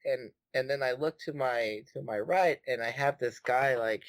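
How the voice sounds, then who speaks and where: A man's voice: mid-range voice, moderate pace, dry recording. A man with a mid-range voice tells an anecdote on a podcast, acting out the other people's lines and swearing freely. The recording is close and dry. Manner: animated storyteller, swears a lot, acts out quotes. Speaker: podcast co-host. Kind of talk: casual chat.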